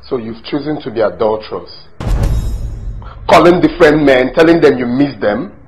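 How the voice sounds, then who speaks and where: A man's voice: sits low, normal speed, soft background music, natural voice, poor audio. An actor playing a jealous, suspicious husband, who accuses his wife in a confrontational way. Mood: accusing.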